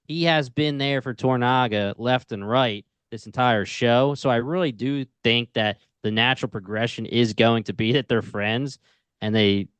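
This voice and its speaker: A man co-hosting a casual TV review podcast, retelling scenes in an animated, slangy way. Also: medium pitch, normal speed, clean tone, dry recording. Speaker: podcast co-host.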